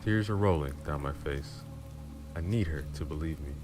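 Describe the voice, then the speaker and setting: A man reading a dramatic story aloud in a low, slow, intimate manner. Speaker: storyteller streamer. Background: background music and rain.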